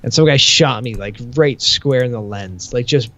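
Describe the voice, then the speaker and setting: A man's voice: mid-range voice, normal speed, pushed and bright. A man co-hosting a casual podcast, telling long rambling stories, swearing freely and acting out quoted dialogue. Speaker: podcast co-host.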